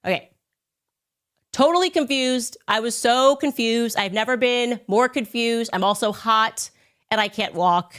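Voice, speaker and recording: A woman in her thirties hosting a podcast, telling a story in a sarcastic, animated way. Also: fairly high pitch, measured pace. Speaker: podcast host. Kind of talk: storytelling monologue.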